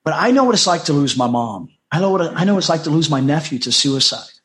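A man's voice: on the high side, big pitch swings, fast talker, a bit bright. Earnest American man with a raised voice. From United States. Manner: heartfelt, repetitive, acts out quoted dialogue. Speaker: podcast guest, life coach. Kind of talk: earnest personal storytelling.

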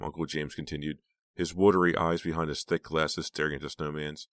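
A man narrating an audiobook in a steady, measured reading. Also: very deep voice, dry recording.

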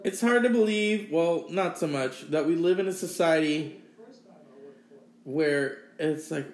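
A man's voice: a little high, unhurried, reverberant. A man hosting a casual solo podcast, rambling and swearing freely between sighs, with a sore throat. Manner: rambling, profane, sighing between sips. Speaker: podcast host.

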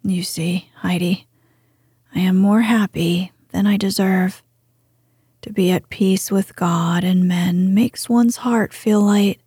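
A woman whispering as a gentle old grandfather. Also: mid-range voice, steady tone, slow, no echo, studio quality, heavily acted. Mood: tender. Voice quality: breathy whisper. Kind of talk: whispered role-play.

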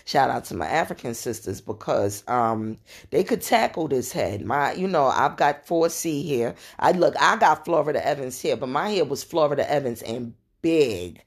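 Podcast host: New woman, low voice, chatty storyteller with laughing asides. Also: lively intonation, normal speed, slightly rough. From New York. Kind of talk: casual storytelling.

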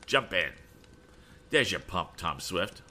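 A man voicing a nervous young man who talks in a hurried, brusque way. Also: deep voice, sing-song, sharp tone, heavily acted. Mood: hasty.

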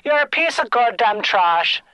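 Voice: mid-range voice, lively intonation, measured pace, pushed and bright, clear, resonant tone, no room sound, highs cut off. A comedian voicing a furious, pious old Irish woman who calls in to scold and curse, in an improvised comedy bit. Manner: scolding, ranting, cursing.

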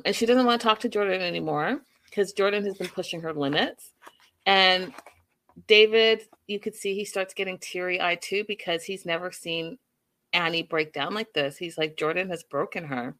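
A young adult woman hosting a casual, animated show recapping a reality series and reading out viewer comments. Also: lowish voice. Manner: animated, paraphrases cast members, reads viewer comments.

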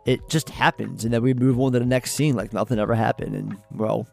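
A man co-hosting a podcast, casually recapping a film in a rambling, profane way, with frequent restarts and quick acted-out quotes of the characters. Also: medium pitch, steady tone, creaky, soft background music. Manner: acts out characters' lines in quick quoted bursts. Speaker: podcast co-host. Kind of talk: casual movie recap chat.

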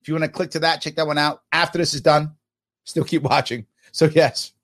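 A man's voice: on the high side, fairly even intonation, fairly quick, fairly bright tone. A man hosting a podcast, giving emphatic, opinionated commentary on listener comments with sarcastic asides.

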